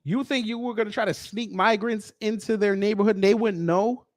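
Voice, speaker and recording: A man hosting a reaction commentary channel, talking in an animated, sardonic, conversational way. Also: sits high, a little fast, no echo, studio quality.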